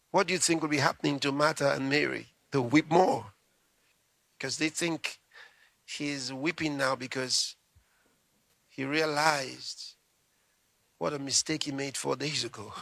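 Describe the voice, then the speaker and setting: A man's voice: fairly high pitch, gravelly, pushed and bright, dry recording. A man preaching a sermon as dramatic storytelling, acting out the voices and asking his listeners questions.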